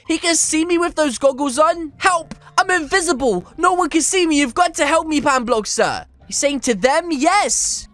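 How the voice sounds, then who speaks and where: A man hosting energetic gameplay commentary, excitable and reading chat aloud, with "flipping" in place of swear words. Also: extremely high pitch, no room sound. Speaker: gaming channel host.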